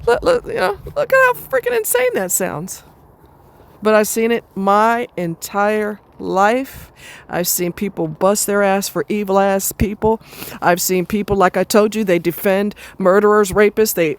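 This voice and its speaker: A woman's voice: fairly high pitch, animated, normal speed, dry recording. A woman venting in a casual monologue, blunt and profane, rambling with restarts as she rants. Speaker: vlogger.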